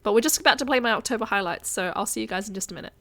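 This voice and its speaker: A woman's voice: mid-range voice, racing, a bit bright. A woman chatting casually with her viewers while she plays a game on a live stream. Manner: chatty, addresses viewers directly.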